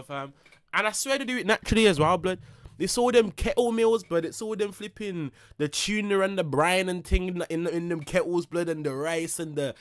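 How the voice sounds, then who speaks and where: A young man giving excitable, slang-heavy reaction commentary as a streamer, swinging between loud bursts and mutters. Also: a little high, normal speed, no echo, studio quality.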